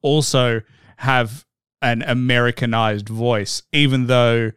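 Upbeat Australian man hosting, smooth and dry. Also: medium pitch, steady tone, slow, a bit bright, no room sound. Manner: upbeat, rambling with many fillers. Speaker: podcast host. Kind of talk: casual interview chat.

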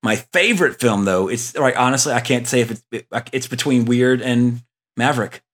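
A man's voice: mid-range voice, normal speed. Rambling male podcast host. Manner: rambling, many fillers and restarts. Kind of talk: casual movie podcast chat.

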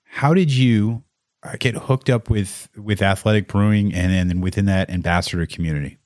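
A man's voice: fairly low pitch, moderate pace, no echo, studio quality. A man hosting a podcast, chatting casually and openly emotional with his guest. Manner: openly emotional, warm and conversational. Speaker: podcast host. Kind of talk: casual interview chat.

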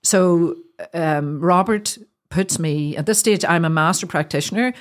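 Halting Irish woman telling her story. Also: lowish voice. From Ireland. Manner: halting, full of fillers and restarts. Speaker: guest. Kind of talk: storytelling in an interview.

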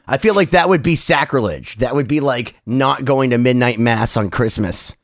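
A man from the United States hosting a casual podcast, talking in an animated, rambling, jokey way and swearing freely. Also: mid-range voice, moderate pace, no echo. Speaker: podcast host.

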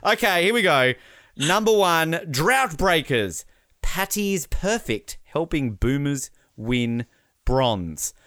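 A man's voice: fairly high pitch, takes it slowly, no echo, studio quality. A man co-hosting a podcast, chatting casually with lots of laughter and mocking asides. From Australia. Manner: animated, laughing, mocking impressions. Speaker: podcast co-host. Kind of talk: casual banter.

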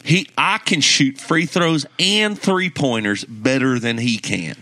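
A man's voice: mid-range voice, slow, pushed and bright, dry recording, pitched above the performer's own voice. A man putting on a Southern accent to play a brash, boastful sports-radio hot-taker in a comedic podcast bit. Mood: bragging. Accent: put-on Southern US. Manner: brash, folksy bragging.

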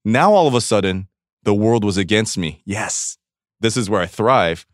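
A man with a low voice tells a long, candid story about himself, rambling and profane and often restarting his sentences. He acts out his own past words as he goes. The sound is dry and close to the mic. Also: animated, moderate pace, no echo. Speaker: guest.

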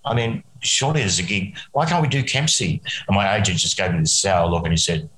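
A man's voice: low voice, a little fast, fairly bright tone, roomy sound, slight background noise, poor audio. An Australian man, a musician guest, rambling through a story and chuckling often. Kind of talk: casual anecdote telling.

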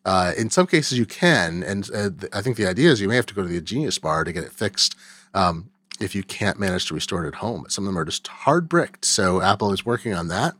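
A man hosting a podcast in casual, jokey chat, with a playful, mock-folksy banter and quick, filler-laden delivery. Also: deep voice, animated, fairly bright tone. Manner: quick, chatty delivery with fillers and self-corrections. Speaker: podcast host.

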